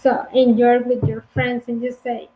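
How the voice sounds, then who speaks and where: A woman from Honduras with a Honduran Spanish accent, teaching an online English lesson with slow, clear speech and playful acted examples. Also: fairly high pitch, flat delivery, mellow, slight background noise, rough recording.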